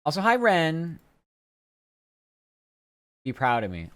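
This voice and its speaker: A man's voice: on the low side, animated, moderate pace, clean tone, no room sound. A man streaming, chatting casually and rambling loosely, with the odd swear word. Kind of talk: casual live-stream chat.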